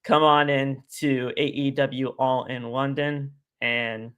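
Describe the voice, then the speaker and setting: A man as a guest on a casual live stream, talking at length in an animated, rambling way and repeating his stock phrases. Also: mid-range voice, slow, clean tone.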